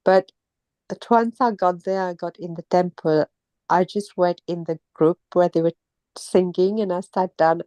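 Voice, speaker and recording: A middle-aged woman from Mauritius tells her story casually, stopping and restarting often. She has a cold and a sore throat. Her voice sits low and mellow, recorded close and dry. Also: steady tone, no echo. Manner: halting, many pauses and restarts. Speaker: interviewee, temple visitor. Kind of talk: casual personal account.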